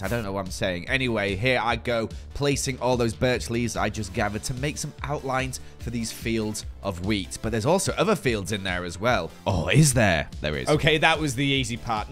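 Hoarse man rambling over gameplay. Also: on the low side, fairly bright tone. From United Kingdom. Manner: chatty, self-mocking, rambling asides. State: hoarse, voice worn out. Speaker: Minecraft video host. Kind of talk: game commentary voice-over. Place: at home, recorded later as voice-over.

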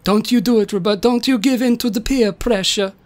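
A woman's voice: a little high, a little fast, a little mellow, close to an everyday voice. A woman voicing a grumpy, self-pitying old male inventor who whines when he is upset. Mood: pleading. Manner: whiny, exasperated.

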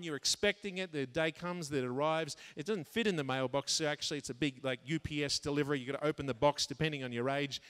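A man telling a personal story in a sermon to a men's conference, animated, jumping high when he acts out his own thoughts and laughing at himself. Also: fairly quick. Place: large conference hall. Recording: long hall reverb.

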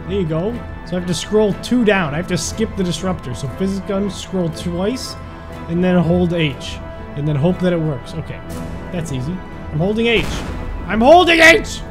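Excitable young man on game commentary. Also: high voice. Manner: excitable, yelps and shouts when things go wrong. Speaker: gaming YouTuber.

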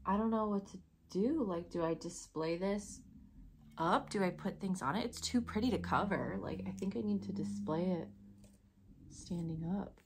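A woman who owns a crystal shop, gushing over her unboxing in a casual vlog and often dropping into a hush. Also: medium pitch, moderate pace, slight background noise. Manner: gushing, breathy exclamations, drifts into whispers.

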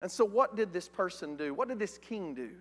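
A man's voice: sits high, animated, brisk. A man preaching a sermon in a church, asking questions and reading scripture aloud with emphasis. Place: church sanctuary. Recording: church hall with long reverb.

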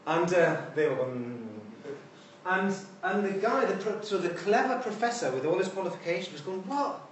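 Recorded distantly in an echoey lecture hall with slight background noise, a high-voiced man speaks at a moderate pace. His informal university lecture is expressive, laced with wry conversational asides.

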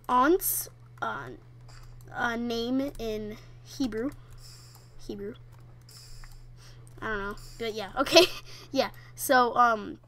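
A young woman giving casual gameplay commentary, rambling and halting with fillers and restarts. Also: fairly high pitch, fairly bright tone, slight background noise. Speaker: gamer.

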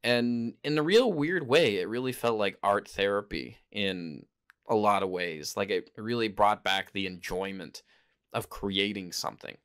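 A man's voice: lowish voice, a little slow, a bit bright, clean tone. A man hosting a casual solo podcast, rambling and hesitant, often stopping to correct himself. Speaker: podcast host. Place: home in Japan.

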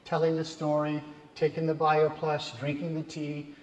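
A man's voice: a little high, completely flat delivery, moderate pace, slight background noise. A man giving an emotional, heartfelt speech as he presents awards at a gala. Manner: heartfelt, sometimes choked with emotion. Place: large banquet hall on stage. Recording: echoey hall with long reverb. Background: music and crowd.

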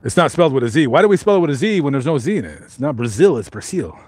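A man hosts a live stream, working through viewer comments in a loose, joking ramble that keeps doubling back on itself. His pitch swings widely from phrase to phrase. The sound is dry and close, with no room echo. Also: sing-song, rapid-fire. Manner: rambling, joking, lots of fillers and restarts. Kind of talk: casual live chat, reading viewer comments.

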